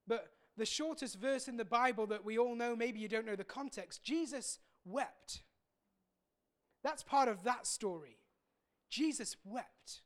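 A man preaching a sermon as a pastor, earnest and reflective, pausing often and repeating words as he speaks. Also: very high voice.

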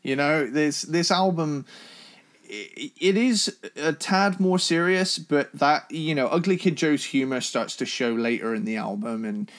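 Male podcast co-host, enthusiastic casual delivery, casual swearing, slightly higher pitch. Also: a little slow. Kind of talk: casual chat.

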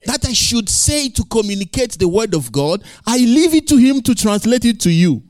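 A man preaching from the pulpit in a high, lively voice that swings up and down. He keeps it animated, laughing along and acting out quotes. The sound is dry and close. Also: moderate pace, dry recording. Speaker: pastor. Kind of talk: sermon.

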